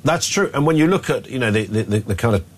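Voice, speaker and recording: A man's voice: medium pitch, animated, fast, husky. A man hosting a casual radio chat, telling stories and laughing often. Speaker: radio host.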